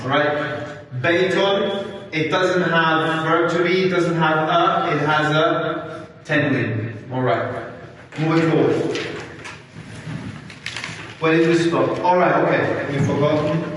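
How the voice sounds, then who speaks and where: A man's voice: on the high side, slow pace, noisy background. A man teaching an Arabic class, patiently quizzing his students by name. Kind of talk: classroom lesson. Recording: echoey hall, mic far off.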